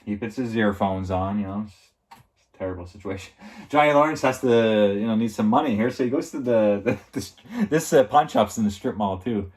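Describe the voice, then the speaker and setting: A man with a slightly low voice recaps a TV episode off the cuff. He rambles and leans on filler words, chuckling often as he goes. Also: a little fast, a little mellow. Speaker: TV show reviewer.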